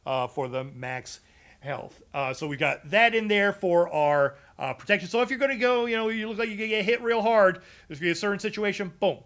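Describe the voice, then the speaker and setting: Bright-voiced man chatting through a game build. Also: sits high, lively intonation, brisk. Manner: loose and chatty, full of ums and uhs. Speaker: gaming streamer explaining a character build. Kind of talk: casual walkthrough talking to live chat.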